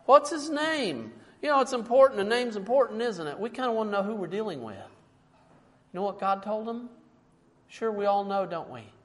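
A man's voice: high voice, expressive, moderate pace. A man preaching a sermon in a church, emphatic and fond of rhetorical questions, calling his listeners folks. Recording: long reverb from a large hall.

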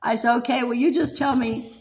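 An older woman preaches with a notably high voice, telling a personal testimony with feeling. She laughs often as she speaks and turns tearful in places, in an earnest church-sermon manner. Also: steady tone, a little fast, a little mellow, poor audio. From United States.

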